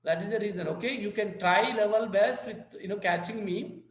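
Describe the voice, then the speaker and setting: A man's voice: high voice, fairly quick, roomy sound, low-quality recording. A man with an Indian English accent, a native Telugu speaker, teaching an online physics class over a video call, repeating points and checking in with his students. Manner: repetitive, addresses students directly. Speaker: physics lecturer.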